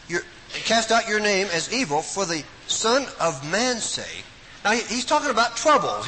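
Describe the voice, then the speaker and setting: An older man giving a folksy, emphatic Bible talk as a preacher, swinging from loud emphasis to quiet asides. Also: high voice. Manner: animated, folksy, emphatic with sudden drops to quiet. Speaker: preacher at a Bible study week. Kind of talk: sermon-style Bible talk. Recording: hall reverb with faint noise.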